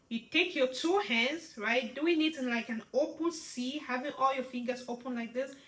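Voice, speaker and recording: A woman teaching sign language, walking through each sign slowly and repeating words, checking in with "right?". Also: high-pitched, pushed and bright. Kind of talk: slow step-by-step lesson. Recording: echoey room.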